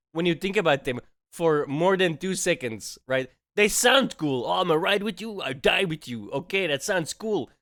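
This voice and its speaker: A man who isn't a native English speaker streams casual reaction commentary, mocking and sarcastic, laughing often and tossing in slang like bro and man. His voice is a little high with a sharp tone.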